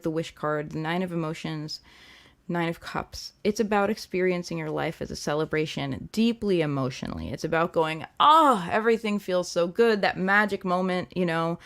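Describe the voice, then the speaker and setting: A young woman hosting a live-stream tarot reading, talking gently and chattily with many fillers. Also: low-pitched, vocal fry. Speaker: tarot reader and livestream host.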